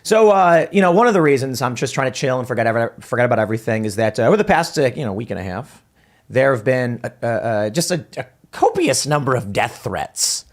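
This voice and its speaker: A man's voice: mid-range voice, lively intonation, fairly quick. A man hosting a livestream, telling stories in casual chat, rambling with many restarts and fillers. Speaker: livestream host.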